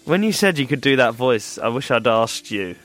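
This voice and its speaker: A co-host on a comedy radio show, blunt and teasing. His voice sits at a middle pitch, with faint music underneath. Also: very animated, normal speed, a bit bright. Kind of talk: comedy talk radio banter.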